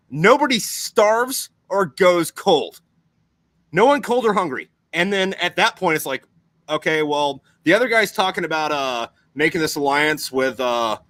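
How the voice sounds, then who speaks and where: A man's voice: fairly high pitch, no room sound. A young man chatting casually on a podcast, rambling and swearing constantly as he explains things. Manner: profane, rambling, animated.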